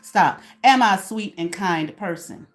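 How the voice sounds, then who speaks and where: A woman's voice: mid-range voice, lively intonation, measured pace. A woman hosting her own small channel, ranting at someone in a profane, confrontational way and putting questions to herself. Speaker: channel host. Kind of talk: ranting to camera.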